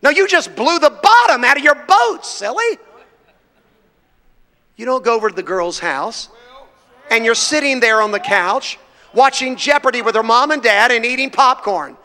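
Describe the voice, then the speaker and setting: A man's voice: very high-pitched, lively intonation, normal speed, pushed and bright. A man preaching a sermon to a congregation, fervent and emphatic, his voice rising in bursts as he presses his points. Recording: reverberant hall sound.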